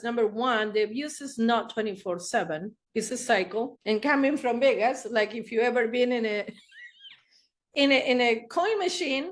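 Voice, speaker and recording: Woman, higher voice. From Argentina. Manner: animated, acts out quoted voices. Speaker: therapist guest. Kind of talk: personal storytelling in an interview.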